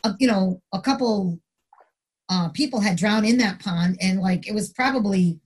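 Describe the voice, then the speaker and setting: Here a retired corrections officer, a middle-aged woman, chats through a story in an interview at a normal speed, her voice slightly rough. She's an animated teller, and when she acts out quotes her pitch jumps dramatically.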